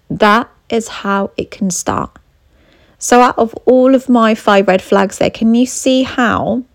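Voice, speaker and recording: A woman's voice: on the high side, vocal fry, dry recording, studio quality. A woman, a coach giving earnest advice to camera, repeating her key points and checking in with the listener. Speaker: confidence coach and abuse recovery mentor.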